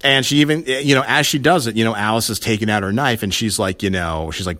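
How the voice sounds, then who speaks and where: A man's voice: fairly low pitch, lively intonation, fairly quick, fairly bright tone, no echo, clean studio sound. A man casually recapping a TV episode, rambling and retelling scenes with quoted lines.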